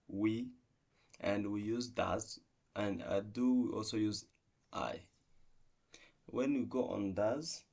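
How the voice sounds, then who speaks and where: A man with a fairly low voice teaches an online English grammar lesson. He works through example sentences one at a time and explains each rule patiently. His phrasing is a little non-native, and he sometimes stops to restart a word. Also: a little mellow.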